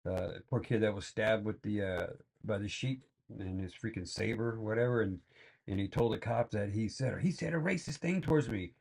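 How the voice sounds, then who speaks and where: A man's voice: lowish voice, moderate pace, creaky, a little mellow, husky. A man giving rambling, exasperated reaction commentary full of fillers and restarts. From Texas. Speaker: reaction video host. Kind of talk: casual ranting commentary.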